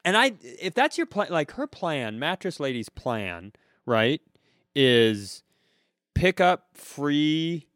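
A man's voice: on the high side, sing-song, slow, fairly bright tone, no echo, studio quality. A man with an Upper Midwest American accent co-hosting a comedy podcast, rambling through a story in casual chat and acting out other people's lines. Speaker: podcast co-host.

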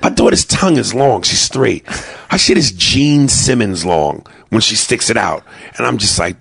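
A man's voice: fairly low pitch, expressive, vocal fry, husky, dry recording. A middle-aged man from New York with a New York accent, telling profane stand-up stories about his kids and acting out their voices. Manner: loud, profane, acts out family members in quick voices. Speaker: stand-up comedian. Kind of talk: stand-up storytelling.

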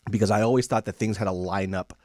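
A man's voice: lowish voice, dry recording, clean studio sound. A man co-hosting a podcast, telling stories in a casual chat and often checking in with "right?". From small town. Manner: fast, animated storytelling with rhetorical "right?". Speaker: podcast co-host.

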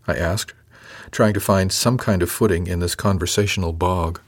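A man narrating a first-person audiobook in a calm, measured, gentle way. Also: low-pitched.

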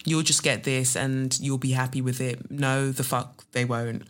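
A woman's voice: very deep voice, little pitch movement, measured pace. A woman hosting a casual solo podcast, talking bluntly and sarcastically and swearing freely. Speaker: podcast host.

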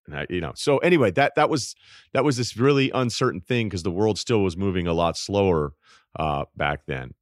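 A man's voice: deep voice, lively intonation, fairly quick, dry recording, clean studio sound. A man in his forties, hosting a podcast, tells a personal story in a rambling, reflective, confessional way, with lots of fillers and restarts. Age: 40s. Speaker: podcast host.

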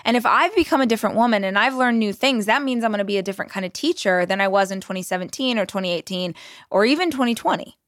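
A woman's voice: mid-range voice, quick pace, dry recording, studio quality. A woman hosting a motivational podcast, speaking earnestly and directly to her listeners. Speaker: podcast host.

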